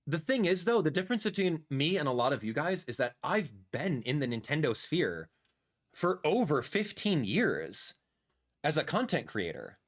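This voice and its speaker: Animated man ranting on a stream. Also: fairly high pitch. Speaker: gaming content creator. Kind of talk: livestream reaction commentary.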